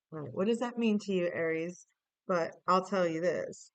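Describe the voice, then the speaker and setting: A woman's voice: mid-range voice, moderate pace, fairly bright tone, smooth, no room sound. A woman giving a casual, playful tarot reading, chatting to her viewers while recording on her computer. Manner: chatty, playful, sings snatches of song. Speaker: tarot reader.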